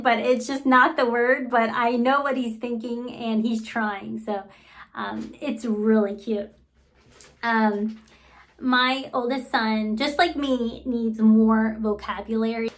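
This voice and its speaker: A woman in her thirties talking casually in a vlog, telling fond stories with enthusiasm and frequent fillers. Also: a little high. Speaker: vlogger and homeschooling mother.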